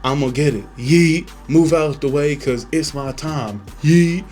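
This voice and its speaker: A man impersonating a cocky, hyped-up male wrestler who boasts in short, punchy shouts. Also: fairly high pitch, a little slow, faint music behind, pitched above the performer's own voice, natural voice.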